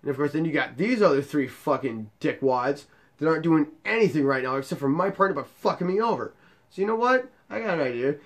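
A man's voice: on the high side, expressive, a little fast. A young man playing a wrestling video game and commenting crudely and sarcastically as he plays. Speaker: gaming YouTuber. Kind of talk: profane let's-play commentary.

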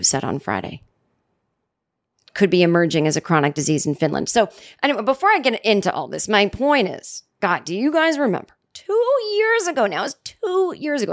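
A woman in her forties hosting a comedy podcast, talking in a rambling, sarcastic monologue full of restarts, jumping up in pitch for mock quotes. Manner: rambling, sarcastic, self-interrupting, with many restarts. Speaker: podcast host.

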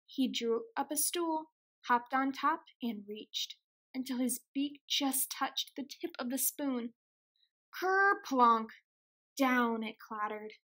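Woman, storybook read-aloud, gentle, expressive, high-pitched. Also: slow. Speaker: extension outreach reader.

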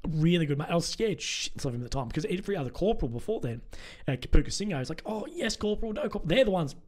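Young aussie guy yarning away casually, voice sits a bit high, loads of likes and ums. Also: animated, rapid-fire, a little mellow. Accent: Australian. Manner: chatty storytelling, many fillers. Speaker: host. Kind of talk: casual chat.

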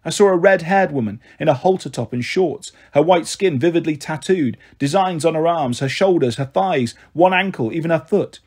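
A man narrating a children's novel aloud with expressive, lively storytelling. His voice is a little high for a man, with a husky, breathy grain. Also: normal speed, hardly any pauses. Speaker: audiobook narrator.

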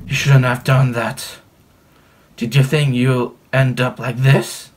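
A man voicing a cruel, gloating male game entity in a calm, slow, measured read. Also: mid-range voice, slight background noise, lightly acted.

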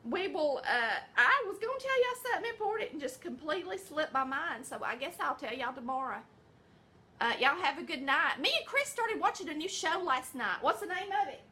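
A woman's voice: sits high, very animated, a little fast, sharp tone, slight background noise. A middle-aged woman with a Southern US accent, chatting in a folksy, rambling way in her home kitchen, sounding tired. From American South. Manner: folksy, rambling, says y'all and honey. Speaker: vlog host, home cook. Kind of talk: casual chatty vlog.

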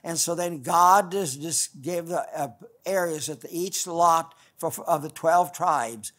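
A man's voice: fairly high pitch, a little slow, fairly bright tone. An older man, a pastor, preaching a folksy, rambling sermon full of restarts.

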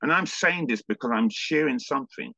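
A man, a pastor, telling a personal testimony as a sermon in an easygoing storytelling way, halting now and then with small fillers. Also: medium pitch, lively intonation, gravelly, sharp tone, dry recording, highs cut off.

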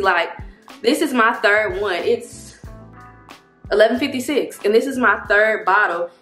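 A woman chats straight to her viewers in a loose, rambling way, her voice sitting in an ordinary middle pitch. She sounds slightly winded. The room gives her words a noticeable echo, with soft music playing faintly underneath. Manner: chatty, rambling, addresses viewers as y'all. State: slightly out of breath. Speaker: vlogger. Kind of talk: casual talking-head vlog.

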